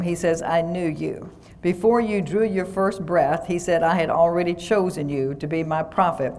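A woman's voice: on the low side, darkish tone. A woman pastor preaching a sermon, reading scripture aloud and breaking each quote with "he says".

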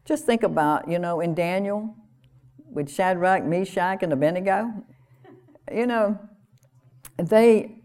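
A woman preaching a sermon in an earnest, conversational way, repeating phrases and laughing softly now and then. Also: lowish voice, takes it slowly, pauses often.

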